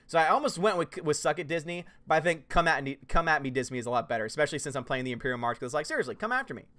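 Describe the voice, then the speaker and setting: Bright-voiced animated male streamer. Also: on the high side, racing, no room sound. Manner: animated, loud jokey outbursts. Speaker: YouTube channel host reading live chat. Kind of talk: casual livestream chat.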